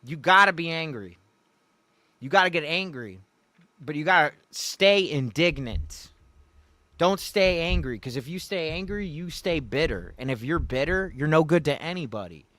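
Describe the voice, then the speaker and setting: Bright-voiced man chatting with his stream. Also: fairly high pitch, expressive, moderate pace, no room sound. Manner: rambling, talks to chat viewers, folksy. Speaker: livestream host. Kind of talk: casual livestream commentary. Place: Louisiana.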